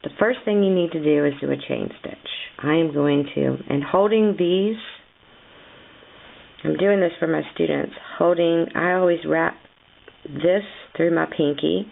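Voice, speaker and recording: Gravelly, hoarse woman teaching crochet. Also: measured pace. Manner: patient, chatty, counts stitches aloud. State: voice going hoarse from a cold. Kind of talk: step-by-step craft tutorial. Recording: tinny, phone-like low-fi sound.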